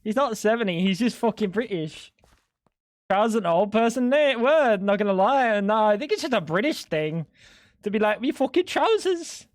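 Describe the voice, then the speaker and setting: A man's voice: high voice, expressive, moderate pace, no echo, clean studio sound. An Australian man streaming a game, bantering casually with friends, swearing a lot and joking with mock indignation.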